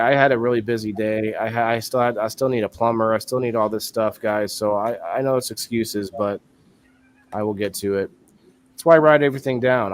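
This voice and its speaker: Rambling male live-stream host. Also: medium pitch. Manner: rambling, thinking aloud, laughs easily. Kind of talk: casual live-stream chat.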